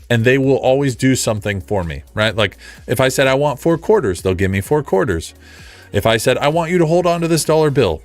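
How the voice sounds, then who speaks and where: A man hosting a casual livestream, ranting in an animated way, repeating himself and making sarcastic asides. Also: medium pitch. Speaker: livestream host. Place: home streaming setup.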